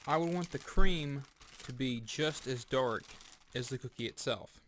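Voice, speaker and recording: A man giving a casual snack review, speaking deliberately and pausing often with fillers and restarts. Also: mid-range voice, a bit bright, slight background noise. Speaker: food reviewer. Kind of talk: casual product review vlog.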